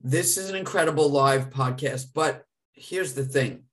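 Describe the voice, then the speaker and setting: A man's voice: a little high, a little slow, fairly bright tone. A man co-hosting a live podcast, talking in an effusive, emotional, gushing way. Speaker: podcast co-host.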